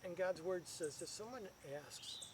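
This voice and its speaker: A man, a guest financial advisor, telling stories in a casual video chat and building up to loud punchlines. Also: high voice, expressive, a little slow, background noise.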